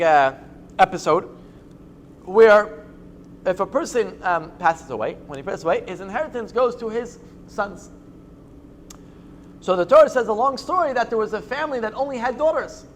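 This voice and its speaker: A rabbi teaches a casual class on scripture, his voice pitched high for a man. He speaks haltingly, full of "uh" and "um" and restarts, with a faint hiss of background noise behind him. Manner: halting, many fillers and restarts. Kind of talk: informal Torah class with jokes.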